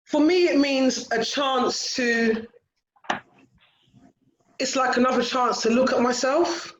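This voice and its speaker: A woman's voice: high-pitched, steady tone, slow, lo-fi sound, background noise. Brief: woman author, reflective and searching, over a video call with a roomy sound. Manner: reflective, warm, many fillers. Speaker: author and guest. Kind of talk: casual interview chat.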